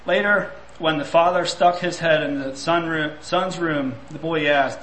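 A man's voice: on the high side, moderate pace, few pauses, fairly bright tone, roomy sound, a little hiss or hum, poor audio. A man preaching a sermon, reflective and full of rhetorical questions.

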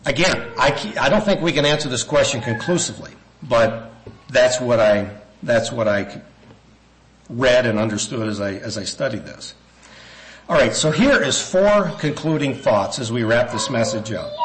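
A man's voice: mid-range voice, expressive, moderate pace, a little hiss or hum, rough recording. A man preaching a sermon, reading scripture passages aloud and thinking aloud with restarts and asides.

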